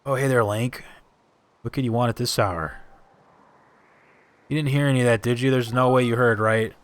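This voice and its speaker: A man's voice: medium pitch, normal speed, natural voice. A man voicing a young male night guard, reading game dialogue aloud with a defensive, sly edge.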